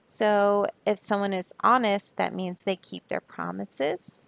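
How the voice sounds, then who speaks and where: A young woman reads a children's picture book aloud, breaking off for chatty, easygoing explanations. Her voice carries a gravelly fry, and she speaks slowly and patiently. The recording is close and dry. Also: medium pitch, dry recording. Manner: explaining, chatty asides, soft laughs. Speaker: storybook reader.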